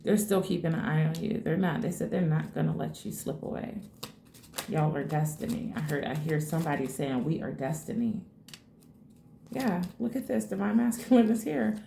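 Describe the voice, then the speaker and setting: A woman giving a casual tarot reading to her viewers, excitable and swearing freely, calling them y'all. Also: low voice, normal speed, vocal fry, a little hiss or hum. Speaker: tarot reader. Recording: echoey room.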